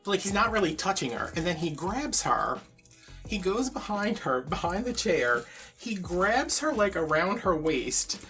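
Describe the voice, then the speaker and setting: A man's voice: sits high, fairly bright tone. A man, telling a gossipy story in a casual, chatty way while he crafts. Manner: chatty, gossipy, heavy use of filler words. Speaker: crafting vlogger.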